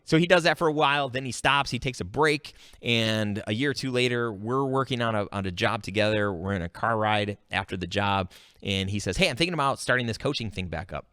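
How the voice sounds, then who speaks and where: A man hosting his own podcast, telling stories in a casual, animated way and jumping up in pitch when he quotes himself. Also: fairly quick, clean tone, no echo, clean studio sound. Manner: animated storytelling, jumps high when quoting himself. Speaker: podcast host. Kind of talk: casual solo podcast monologue.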